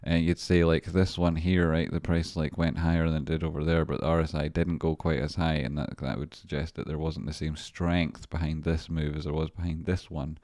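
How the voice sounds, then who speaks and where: A man with a low voice runs a trading livestream, chatting loosely over his charts. He swears freely and keeps breaking off to greet viewers. The sound is close and dry, with no room around it. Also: flat delivery, fairly quick, hardly any pauses, darkish tone, no echo. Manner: rambling, profane, chatty asides to viewers. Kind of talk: casual live-stream chart commentary.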